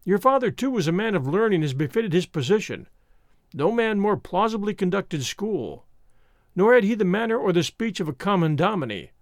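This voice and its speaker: A man's voice: high-pitched, big pitch swings, moderate pace, no room sound, studio quality. A man voicing a kindly, earnest old country minister in an audiobook, giving solemn, old-fashioned counsel. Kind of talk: audiobook reading.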